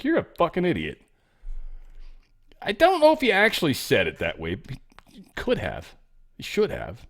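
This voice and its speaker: A male host talks through news stories in a loose, rambling monologue. His delivery is sarcastic and peppered with profane asides. His voice sits at an ordinary, mid-range pitch. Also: fairly bright tone. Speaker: podcast host. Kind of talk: casual news commentary monologue.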